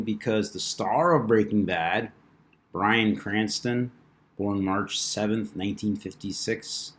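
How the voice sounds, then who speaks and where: Man, low voice, casual commentary, rambling, fillers, trips over words. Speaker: channel host. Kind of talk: casual commentary reading a news article.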